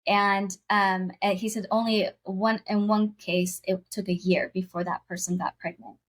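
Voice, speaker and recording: A woman's voice: medium pitch, flat delivery, measured pace. Earnest woman telling a personal story. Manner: earnest, heartfelt storytelling with frequent fillers. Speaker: podcast guest.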